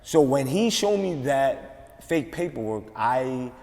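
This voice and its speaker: A man with a New York accent hosting a podcast, explaining himself haltingly with many restarts. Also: medium pitch, animated, creaky, warm tone, big-room sound. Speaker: podcast host. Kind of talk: casual podcast interview.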